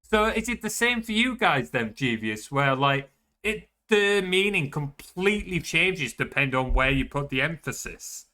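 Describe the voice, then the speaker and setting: A man's voice: fairly high pitch, very animated, normal speed, bright, forceful tone. A man explaining things in casual voice chat while gaming, padding his talk with many fillers. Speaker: server player.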